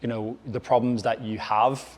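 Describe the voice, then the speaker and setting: A man's voice: mid-range voice, flat delivery, normal speed. A man talking as a kettlebell coach and podcast guest in a casual chat, swearing freely and acting out what people said. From Ireland.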